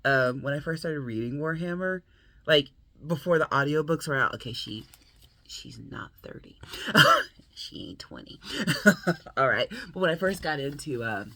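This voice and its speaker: A woman's voice: low-pitched, expressive, moderate pace, fairly bright tone, no echo. An American woman hosting her book channel, chatting playfully and laughing often. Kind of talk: casual vlog chat.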